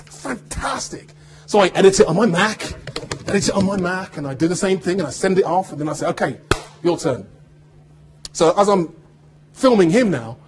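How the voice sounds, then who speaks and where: A man giving an animated storytelling talk to students about his acting career, acting out the dialogue he quotes. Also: high-pitched, a little hiss or hum. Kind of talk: anecdotal storytelling speech.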